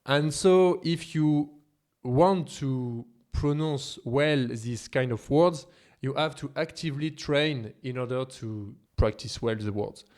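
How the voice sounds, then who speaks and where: A man's voice: medium pitch, slow, a little mellow. A man with a French accent, a native French speaker, teaching a language lesson in an emphatic tone with rhetorical questions. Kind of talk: scripted video lesson.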